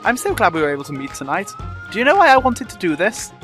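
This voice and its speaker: Brief: flustered young woman on a dinner date in a high falsetto, put on by a male gamer. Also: wildly swooping pitch, fast, a bit bright, faint music behind, exaggerated voice. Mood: cheerful.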